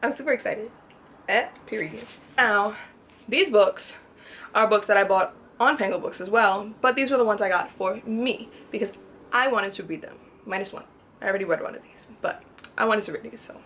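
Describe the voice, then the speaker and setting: A woman's voice: medium pitch, normal speed, a bit bright, slight background noise. A woman talking casually in a book haul vlog, gushing and chatty, repeating herself for emphasis. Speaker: book vlogger.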